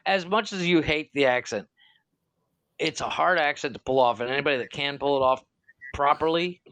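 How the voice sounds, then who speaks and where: A man's voice: fairly high pitch, fairly quick, fairly bright tone, no room sound. A man co-hosting a comedy podcast, giggling and riffing with crude jokes and silly quoted voices. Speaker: podcast co-host.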